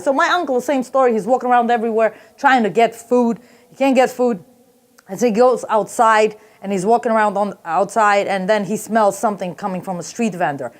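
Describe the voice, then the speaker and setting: A woman's voice: on the high side, fairly quick. A woman performing a stand-up comedy routine, telling a brash, profane story and jumping into character voices.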